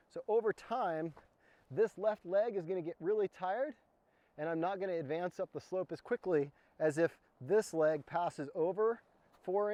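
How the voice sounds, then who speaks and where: A man's voice: high voice, dark tone, no echo. A man from the United States teaching mountaineering footwork, explaining each step as he demonstrates it on a snow slope. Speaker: mountaineering instructor. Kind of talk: outdoor skills demonstration.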